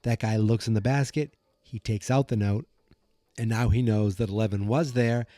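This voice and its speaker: A man's voice: on the low side, fairly even intonation, moderate pace, warm tone, no room sound. Man, podcast host, dry close sound, casual rambling recap, lots of ums. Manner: rambling, musing, many fillers. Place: room at home with the door open. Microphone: podcast mic.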